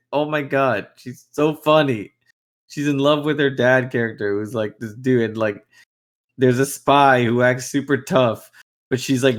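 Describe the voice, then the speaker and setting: A young man co-hosting a podcast in casual chat, animated, swearing a lot and laughing often. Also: mid-range voice. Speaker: podcast co-host.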